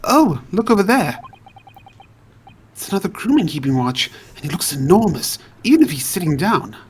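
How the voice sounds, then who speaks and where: An earnest young lawyer from a game, eager and a little flustered, voiced by a man. His voice sits slightly high and reads with lively expression. A faint hiss runs underneath. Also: normal speed.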